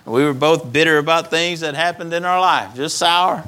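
Middle-aged pastor guy preaching, bright clear voice, earnest, acts out what stubborn folks say, repeats himself a lot. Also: a little high, moderate pace. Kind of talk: sermon.

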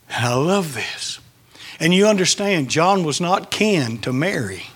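A man's voice: on the high side, sing-song, a little slow, fairly bright tone, breathy edge. A man preaching a sermon, emphatic and dramatic, sometimes dropping his voice to a whisper.

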